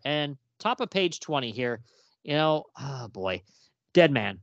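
A man co-hosting a casual comic book podcast, animated and exasperated, reading panel dialogue aloud in character. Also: mid-range voice, unhurried, no echo, highs cut off. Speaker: podcast co-host.

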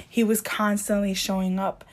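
A woman's voice: medium pitch, little pitch movement, normal speed. A woman co-hosting a casual podcast chat, speaking in a hesitant, thoughtful way with many fillers and restarts. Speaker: podcast co-host.

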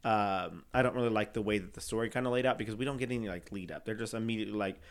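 A man's voice: fairly low pitch, racing, smooth. A man co-hosting a casual true-crime podcast, rambling through the story and swearing freely. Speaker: podcast co-host.

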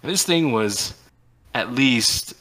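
A man's voice: mid-range voice, slow. A man co-hosting a casual podcast, telling stories animatedly and acting out quoted lines. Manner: animated storyteller, acts out quotes. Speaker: podcast co-host. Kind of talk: casual chat.

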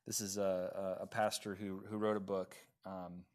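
A man's voice: deep voice, little pitch movement, normal speed, a little mellow. Chatty, self-deprecating male pastor. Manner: conversational, self-deprecating, many fillers. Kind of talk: evening sermon and closing prayer.

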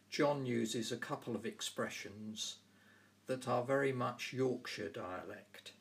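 A man with a Southern English accent hosting a language podcast, explaining points in a measured, scripted way. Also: mid-range voice. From London and the South of England. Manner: measured, carefully spoken. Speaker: podcast host.

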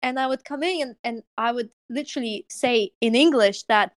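A woman's voice: fairly high pitch, fairly quick, no room sound. A young woman from Russia hosting a casual podcast chat, talking with lots of fillers and laughs. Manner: chatty, laughs often, many fillers. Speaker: podcast host.

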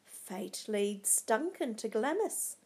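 A woman's voice: mid-range voice, unhurried, darkish tone. A woman voicing a scheming, ruthless noblewoman who coaxes, commands and scorns, read aloud from a storybook. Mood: murmuring, dark.

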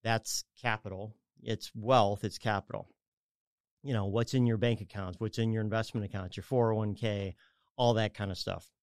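A man's voice: lowish voice, fairly even intonation, moderate pace, clear, resonant tone, dry recording, clean studio sound. A man on a radio show casually explaining home equity and debt, rambling and correcting himself as he goes. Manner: rambling, self-correcting, acts out clients' voices. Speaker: mortgage advisor guest.

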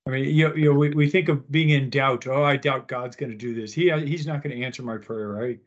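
Husky man asking earnest questions. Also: medium pitch, fairly even intonation, a little fast. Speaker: panel member. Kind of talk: church panel discussion. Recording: slightly dull sound.

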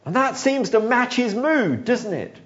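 A man preaching a sermon, telling the story with animated delivery, acting out quotes and chuckling now and then. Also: very high-pitched, unhurried, dull audio.

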